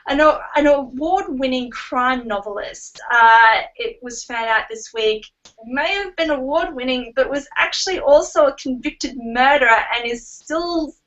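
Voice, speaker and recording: A woman's voice: high voice, measured pace, fairly bright tone, recorded from a distance, dull audio. A woman co-hosting a casual book-news podcast, chatting and rambling while she cites figures. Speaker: book blog co-host.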